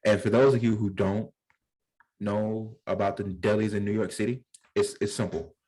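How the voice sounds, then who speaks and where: A young adult man co-hosting a podcast, telling stories in a slangy, animated way and acting out voices in casual chat. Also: on the low side, normal speed, low-quality recording. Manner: animated storyteller, slangy, acts out voices in anecdotes. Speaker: podcast co-host.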